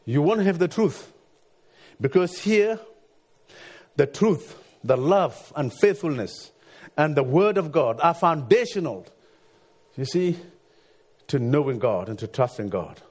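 Halting preacher man, frequent restarts. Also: on the high side, animated, darkish tone, husky. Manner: halting, repeats words, frequent "you see". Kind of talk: sermon with personal story.

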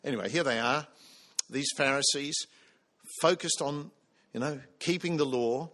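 A man's voice: medium pitch, measured pace, a bit bright. A man preaching a sermon, earnest, putting questions to the congregation.

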